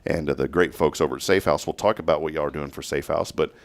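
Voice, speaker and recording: A man's voice: a bass voice, fairly even intonation, quick pace, vocal fry. A man with a Texan accent hosting a casual morning radio show, folksy and joking with his guests.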